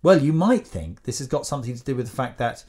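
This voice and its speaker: A man's voice: medium pitch, very animated, fast, a little mellow, slightly rough. A man co-hosting a podcast, explaining at length in a casual, drily humorous way. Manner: explains at length with many fillers and restarts, dry humour. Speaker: podcast co-host.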